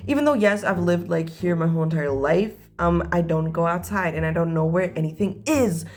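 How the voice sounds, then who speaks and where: A young woman telling a story in a casual vlog, animated and jokey with dramatic asides. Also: lowish voice, brisk.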